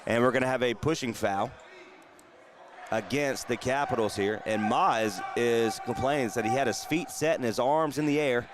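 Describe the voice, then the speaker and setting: Male play-by-play announcer, noisy gym. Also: medium pitch. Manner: rapid play-by-play calling, rising excitement on big plays. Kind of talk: live basketball commentary. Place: community center gym.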